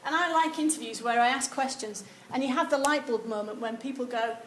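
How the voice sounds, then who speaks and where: High-voiced woman lecturing in an echoey hall. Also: a little fast. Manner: animated, acts out example replies. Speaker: university lecturer. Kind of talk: lecture on research methods. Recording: echoey lecture room with some background noise.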